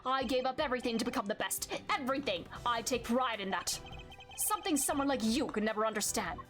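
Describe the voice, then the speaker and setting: A woman's voice: a little high, quick pace, a bit bright, close to an everyday voice. A woman voicing a scheming older male dessert chef who gloats, then turns bitter and defensive. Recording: game music behind the voice.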